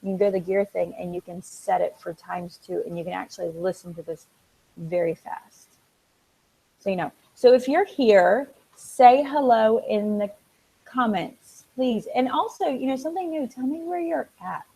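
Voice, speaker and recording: A woman hosting a casual live stream, chatting excitedly with viewers, reading out their comments and filling pauses with ums and restarts. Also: medium pitch, vocal fry, husky, poor audio. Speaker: livestream host.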